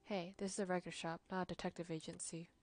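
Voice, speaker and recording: A man's voice: high-pitched, level tone, fast. A woman streamer voicing a curt male record-shop owner in a story game, speaking bluntly.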